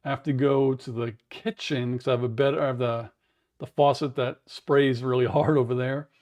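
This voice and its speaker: A man with a raspy voice, chatting in a rambling way to viewers on a livestream from home, humming to fill the wait. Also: medium pitch, steady tone, moderate pace, darkish tone. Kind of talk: casual livestream chat. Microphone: wearable mic.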